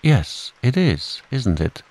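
A polite, motherly female kangaroo coaxes her little one home in soft tones, as a man reading aloud puts her on. Her voice is raised above the reader's low one and still has a gravelly edge. She speaks unhurriedly. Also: very animated, slow pace, heavily acted. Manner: soft-spoken and coaxing.

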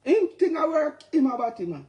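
A Jamaican man, a musician, delivering an impassioned, preachy rant straight to camera, now and then breaking into shouts. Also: very high-pitched, sing-song, brisk.

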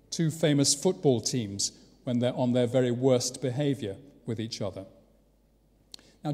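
English preacher with wry asides. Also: male voice, medium pitch, a little mellow. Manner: conversational with rhetorical questions and wry asides. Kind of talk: sermon. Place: large church. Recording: long church reverb.

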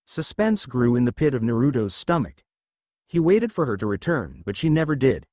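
A man narrates a fan fiction adventure like an audiobook, telling it at a steady pace. His pitch rises and falls with plenty of life, and the recording is dry and close with no room sound. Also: normal speed, dry recording.

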